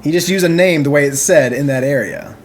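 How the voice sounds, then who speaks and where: A podcast co-host in casual chat, relaxed and quick to chime in with agreement. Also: medium pitch, slight background noise.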